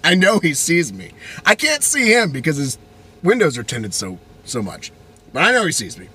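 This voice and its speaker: A young man from Virginia ranting casually in an animated, rambling way, with many restarts. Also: on the high side, normal speed, a little hiss or hum. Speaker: vlogger. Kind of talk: casual rant.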